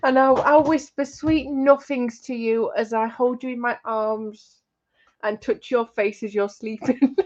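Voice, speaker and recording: A woman's voice: a little high, fairly even intonation, unhurried, a little mellow. Chatty woman hosting a livestream. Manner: teasing, chatty, breaks into laughter. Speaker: host of a crafting livestream. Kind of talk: casual livestream chat, reading out chat comments. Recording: dull lo-fi stream audio.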